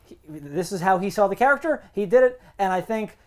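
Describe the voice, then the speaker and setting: A woman co-hosting a casual movie review podcast, rambling with many "like"s and animated asides. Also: mid-range voice, fairly quick. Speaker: podcast co-host.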